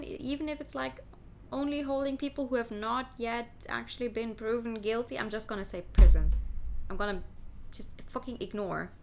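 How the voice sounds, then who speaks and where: A woman's voice: fairly high pitch, a little hiss or hum. A woman casually commenting on a game and reading it aloud, with giggly asides and casual swearing. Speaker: streamer. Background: game background music.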